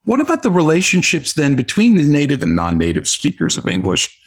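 Guy hosting a podcast, asks calm, earnest questions. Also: on the high side, fairly quick, slightly rough. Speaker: podcast host. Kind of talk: interview questions.

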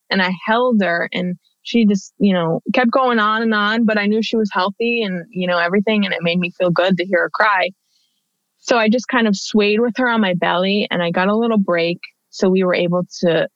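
Speaking at a medium pitch, this thirty-something woman is a guest on an interview, recounting something from her own life with plenty of fillers and false starts. She comes across as chatty. The audio has no room sound and is dull, dry, and lo-fi.

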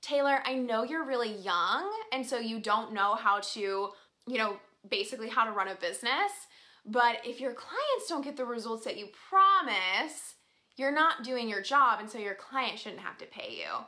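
A woman's voice: on the high side, animated, moderate pace, bright, forceful tone. Woman quoting a cold, condescending client. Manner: dismissive, lecturing.

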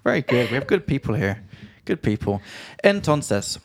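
A man's voice: medium pitch, big pitch swings, normal speed, vocal fry, a little hiss or hum. A British man hosting a casual podcast, playfully repeating Spanish words as he learns them. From Britain. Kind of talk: casual chat.

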